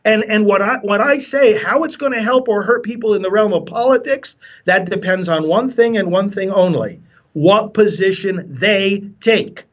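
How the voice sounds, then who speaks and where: A priest speaking as a guest in an impassioned radio interview, forceful and preacherly, often repeating words as he starts a sentence. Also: high voice, moderate pace, highs cut off.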